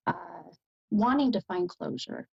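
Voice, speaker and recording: Gravelly American woman, hesitant medium. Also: fairly low pitch, a little slow, dull audio. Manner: hesitant, lots of fillers, animated bursts of delight. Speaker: psychic medium host. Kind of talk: live psychic reading.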